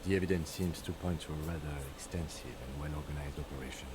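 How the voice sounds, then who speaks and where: An actor playing a calm, precise male police lieutenant, speaking in a measured, dry and formal way in a video game. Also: extremely low pitch. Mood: composed. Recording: game audio with clear background noise.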